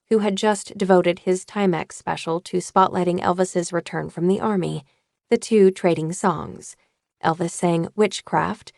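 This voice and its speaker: A woman narrating an audiobook in a measured, even reading voice. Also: mid-range voice, vocal fry, dry recording, studio quality.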